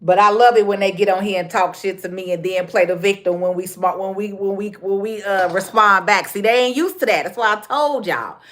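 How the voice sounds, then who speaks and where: Brisk and barely pausing, a mid-range female voice with a Chicago accent carries a casual live rant into her phone. The host is blunt, repeats herself as she circles back, and slips easily into street slang.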